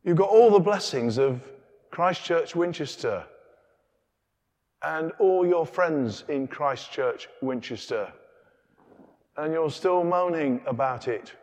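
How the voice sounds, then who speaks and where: A man's voice: fairly high pitch, expressive, slow, long pauses, voice pushed up. A preacher voicing a coaxing older father. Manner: coaxing, gently reproaching. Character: patient pleading father of grown son. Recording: long reverb of a large church.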